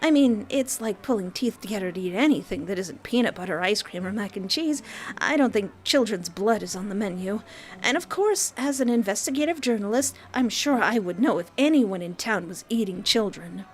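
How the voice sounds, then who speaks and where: A woman's voice: medium pitch, animated, moderate pace, natural voice. A woman reading as an easygoing journalist. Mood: placating. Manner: soothing, reasoning.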